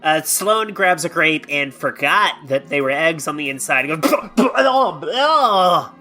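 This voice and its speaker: A man's voice: fairly high pitch, normal speed, bright, forceful tone, soft background music. A man playing a tabletop role-play game, playful and jokey. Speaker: player.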